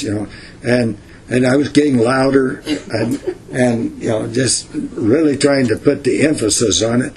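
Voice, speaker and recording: An older man giving informal Bible teaching in a folksy, unhurried way, reading verses and adding asides. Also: mid-range voice, a little mellow, slight background noise.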